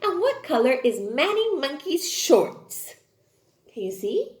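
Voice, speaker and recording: A woman's voice: high voice, sing-song, takes it slowly. A woman teaching a kindergarten phonics class online, talking in a playful, exaggerated sing-song way. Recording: roomy echo.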